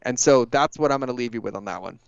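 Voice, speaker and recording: A man talking as a guest on a podcast in a casual, energetic way, driving his points home with repetition. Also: mid-range voice, quick pace, vocal fry, clean tone, no echo, highs cut off. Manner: energetic, emphatic, repeats phrases for effect. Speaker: guest entrepreneur.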